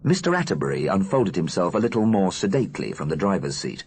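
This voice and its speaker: A man reading an audiobook aloud in an expressive, animated narrating style. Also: sits low, fast, slight background noise. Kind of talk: scripted narration.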